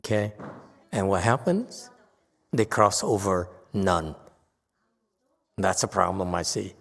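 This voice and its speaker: A man giving a Buddhist lecture, pressing his listeners with pointed rhetorical questions and jumping up in pitch to stress a point. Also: animated, slow, gravelly, a bit bright, in a large hall. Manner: sudden rises in pitch and force when stressing a point. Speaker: Buddhist teacher. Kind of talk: Dharma lecture.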